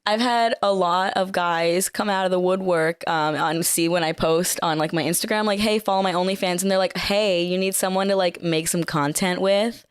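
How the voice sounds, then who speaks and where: Low-voiced candid young woman podcaster. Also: steady tone, moderate pace, hardly any pauses, smooth, no room sound, studio quality. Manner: candid, frequent "like" fillers. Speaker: podcast co-host. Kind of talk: casual chat.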